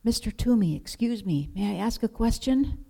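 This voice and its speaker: A woman's voice: medium pitch, animated, moderate pace, gravelly, mellow, husky, voice pushed up. A woman voicing an earnest, polite seven-year-old boy in a storybook reading. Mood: timid. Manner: timid, careful, polite.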